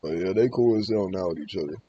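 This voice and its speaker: A man reacts casually and talks fast with a slangy, hedging manner. His low, dark voice comes through a dull, lo-fi mic with faint hiss. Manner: loose, slangy, hedging with "I ain't gonna lie". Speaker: reaction video host.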